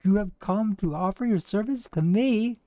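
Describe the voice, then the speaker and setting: Man voicing an earnest young female sleuth sidekick, theatrical, raised pitch, game cutscene reading. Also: moderate pace, dark tone, dry recording, natural voice. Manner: dramatic, earnest storybook reading with stumbles.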